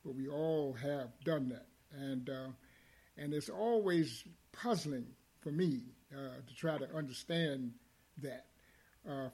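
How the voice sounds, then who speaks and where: A man hosting a discussion program, talking with many pauses, fillers and restarts. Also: fairly high pitch, a little mellow, breathy edge. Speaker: host.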